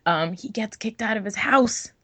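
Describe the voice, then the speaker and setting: A woman's voice: a little high, expressive, moderate pace, a bit bright, breathy edge. A young woman co-hosting a podcast in casual chat, giggly and full of fillers. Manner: chatty and giggly, many fillers. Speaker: podcast co-host.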